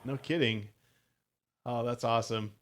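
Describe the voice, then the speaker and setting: A man's voice: medium pitch, steady tone, unhurried, a bit bright. A man co-hosting a podcast, chatting casually and reading a story aloud, easygoing with frequent chuckles. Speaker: podcast co-host.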